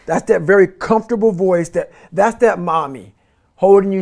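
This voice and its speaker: A man's voice: sits high, moderate pace, creaky, darkish tone. A man giving a blunt, intense motivational talk as an interview guest, swearing freely.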